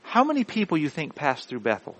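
A male pastor delivers a sermon in a voice sitting a bit higher than most men's. He drives his points home with repeated, emphatic declarations. His delivery swings between hushed passages and loud, building climaxes. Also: wildly swooping pitch, brisk, rough recording.

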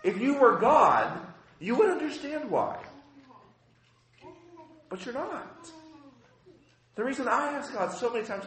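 A man preaching a sermon as a pastor, impassioned and shifting between quiet and loud passages. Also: very high-pitched, very animated, a little slow, long pauses, reverberant.

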